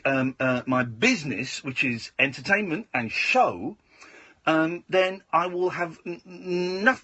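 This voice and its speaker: A man hosts a late-night radio show, rambling and joking as he trips over his words. His voice is a little husky, and his pitch swings up and down a lot. It sits slightly higher than most men's. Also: bright, forceful tone. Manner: rambling, jokey, stammering. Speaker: radio host. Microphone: studio microphone.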